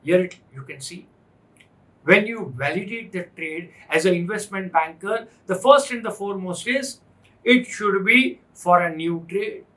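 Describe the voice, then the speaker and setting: A finance instructor with an Indian English accent gives a classroom lecture in a high, slightly bright voice at a measured pace. He's emphatic, repeating his points and posing rhetorical questions, though the audio quality is poor.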